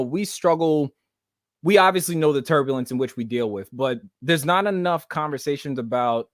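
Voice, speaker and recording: A man hosting a podcast in casual panel chat over a video call, animated and slangy, often asking "you know what I'm saying". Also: fairly high pitch, no echo, clean studio sound. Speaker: podcast host.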